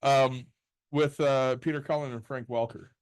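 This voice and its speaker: A man's voice: medium pitch, fairly even intonation, normal speed, clean tone. Eager male co-host in his forties. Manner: eager storyteller, keeps trying to finish his story. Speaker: podcast co-host. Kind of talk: casual chat.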